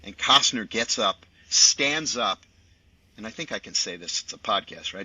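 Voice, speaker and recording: Bright-voiced older storyteller man. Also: lowish voice, normal speed, slightly rough, no room sound. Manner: animated raconteur, chatty with many asides. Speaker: sportscaster guest. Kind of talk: podcast storytelling. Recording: dull dry lo-fi audio.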